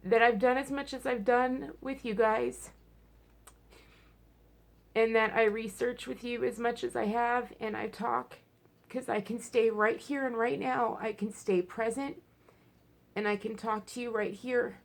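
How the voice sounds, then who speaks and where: A woman's voice: on the high side, steady tone, unhurried, gravelly. A woman talking frankly in a rambling personal vlog at home, full of fillers and restarts. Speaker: vlogger. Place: at home, indoors.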